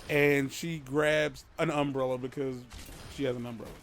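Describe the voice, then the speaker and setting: A man's voice: fairly high pitch, level tone, moderate pace, a bit bright, slight background noise. A man casually telling a creepy story as a podcast co-host, rambling, swearing and interrupting himself. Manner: profane, rambling, self-interrupting.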